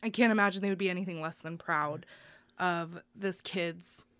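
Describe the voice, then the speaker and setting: A woman's voice: on the low side, steady tone, moderate pace, fairly bright tone, clean tone, dry recording. A young adult woman co-hosting a podcast, sharing good news in a heartfelt, rambling way with plenty of fillers. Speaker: podcast co-host. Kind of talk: casual news chat.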